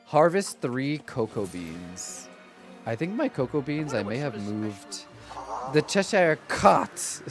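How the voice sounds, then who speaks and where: Animated, chatty male streamer. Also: mid-range voice, takes it slowly, over music. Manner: chatty, rambling, heavy use of "like"; talks to chat while playing. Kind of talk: casual gameplay commentary.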